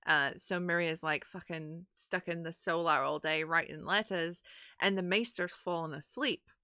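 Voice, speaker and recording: A woman's voice: fairly low pitch, moderate pace, bright, forceful tone, clear, resonant tone, no echo, clean studio sound. A woman recapping her roleplaying game in casual chat, telling the story animatedly with lots of fillers.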